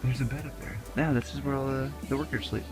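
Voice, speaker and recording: A man's voice: mid-range voice, fairly even intonation, fast. A young man chatting in a travel vlog and giving a dry, joking play-by-play. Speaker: travel vlogger. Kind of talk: casual travel vlog chat. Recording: music under the voice.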